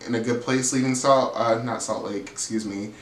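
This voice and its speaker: A man hosting a reality TV recap, talking in a sassy, gossipy way and swearing freely as he breaks down the drama. His voice sits at a middling pitch. It echoes around a roomy space. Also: fairly even intonation, moderate pace, slight background noise. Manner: sassy, profane, chatty, calls people "girl". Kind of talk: casual gossipy commentary.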